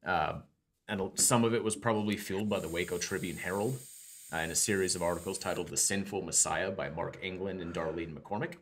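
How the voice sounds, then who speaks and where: Deep-voiced man reading true crime notes. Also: a little hiss or hum. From United States. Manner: reads notes quickly, stumbles and restarts lines. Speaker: podcast co-host. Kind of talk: casual true crime podcast chat.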